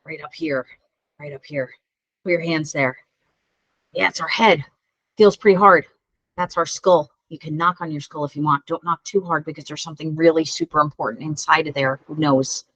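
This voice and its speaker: A woman teaching children a mindful breathing lesson, gentle and encouraging, laughing at herself when it goes wrong. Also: deep voice, fairly even intonation, normal speed, no echo, rough recording. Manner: gentle, encouraging, self-deprecating. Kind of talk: guided breathing lesson for kids.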